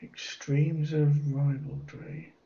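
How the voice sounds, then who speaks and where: A man's voice: fairly high pitch, level tone, slow, gravelly, warm tone. A man thinking aloud as he works through a cryptic crossword, musing and muttering the clues half to himself. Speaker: crossword solver. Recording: dull lo-fi audio.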